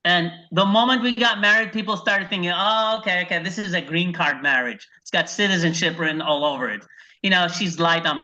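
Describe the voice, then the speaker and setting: Bright-voiced man doing stand-up over a call. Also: high voice, a little fast. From Iraq. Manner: deadpan one-liners, quotes his wife and dog in his own voice. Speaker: stand-up comedian. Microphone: video call microphone. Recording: dull lo-fi video call audio.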